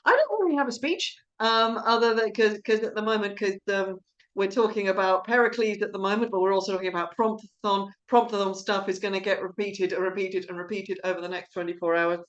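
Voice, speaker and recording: A woman hosts a live online stream. Her voice sits at an ordinary middle pitch. She talks over a video call in a rambling, chatty way, with little laughs. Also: brisk, muffled recording. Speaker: director and host of an online play reading. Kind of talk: casual live-stream chat.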